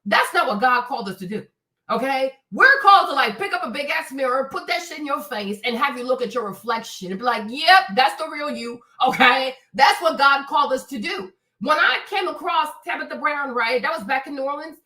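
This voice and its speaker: A blunt, profane woman delivers opinionated stream commentary in a high, sharp-edged voice. She keeps pressing her listeners with "right?" and "okay?". Her voice sounds roomy and comes from a little way off the mic. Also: lively intonation, fairly quick, distant mic.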